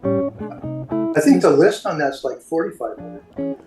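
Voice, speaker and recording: A man helping on a live stream, speaking slowly and hesitantly with pauses and fillers. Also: a little high, very animated, dark tone. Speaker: helper in the room checking prices. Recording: distant voice in an echoey room with music.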